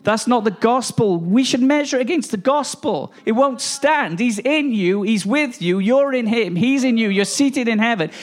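Exuberant high-voiced male preacher. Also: lively intonation, moderate pace, hardly any pauses. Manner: exuberant, laughing, emphatic. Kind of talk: charismatic sermon.

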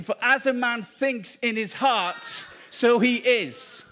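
A man's voice: high-pitched, slow pace, hardly any pauses, pushed and bright. A man preaching a charismatic sermon at a church meeting, fervent and repetitive, exclaiming to the congregation.

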